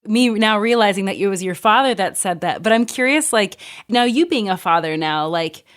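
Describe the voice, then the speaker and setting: A woman's voice: medium pitch, animated, moderate pace. A woman hosting an interview, asking curious conversational questions. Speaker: podcast host.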